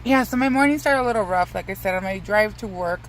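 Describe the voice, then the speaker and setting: A woman's voice: mid-range voice, quick pace, slight background noise, rough recording. A young woman in a casual, rambling vlog who swears freely and pokes fun at herself. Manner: rambling, profane, self-mocking.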